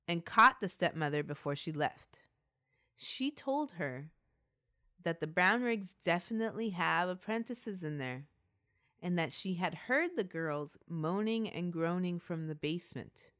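Casting: woman podcast host, low and dry, chatty storyteller. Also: fairly bright tone, no room sound. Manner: chatty narration with asides and laughter. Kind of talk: casual true-crime storytelling.

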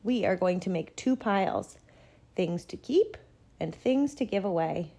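Woman storybook reader, mellow and gentle, even pacing. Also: mid-range voice, a little slow, creaky. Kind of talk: picture-book read-aloud.

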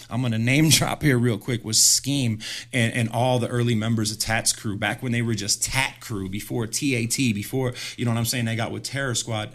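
A middle-aged man telling a story as a podcast guest in casual chat, animated and full of fillers, laughing often. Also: medium pitch. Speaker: podcast guest, graffiti artist.

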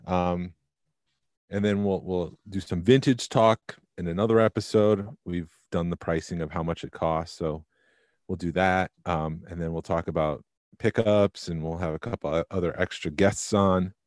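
Deep-voiced tired man co-hosting a podcast. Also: normal speed, no room sound, clean studio sound. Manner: relaxed, rambling, with fillers. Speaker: podcast co-host. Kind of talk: casual podcast chat.

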